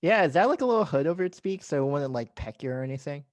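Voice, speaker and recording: Friendly podcast host, dry sound. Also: male voice, fairly high pitch, animated, fast talker, no room sound. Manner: curious, laughs easily, prompts guests. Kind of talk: casual interview.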